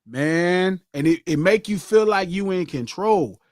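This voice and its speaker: Lively high-voiced man in a loud chat. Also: a little slow, no echo, studio quality. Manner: animated, acts out quoted voices. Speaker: podcast host. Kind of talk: casual group chat.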